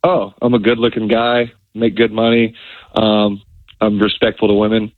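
A man's voice: on the low side, little pitch movement, moderate pace, no echo. A man calling in to a radio show, speaking plainly and a bit awkwardly. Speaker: caller. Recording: phone line.

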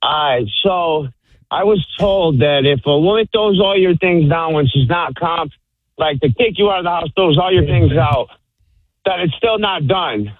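Guy calling into the radio, laid back and halting, tinny phone sound. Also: on the high side, dry recording. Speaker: caller. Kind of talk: call-in radio talk.

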